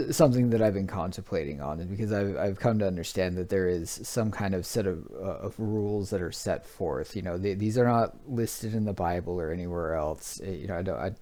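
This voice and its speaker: Male host, very low voice, casual halting commentary. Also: dark tone. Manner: halting, with many fillers and restarts. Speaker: video host.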